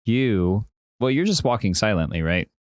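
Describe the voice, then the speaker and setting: A man narrating a tabletop game as game master on a podcast, telling the scene in a descriptive, animated way. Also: fairly low pitch, normal speed, no room sound, studio quality.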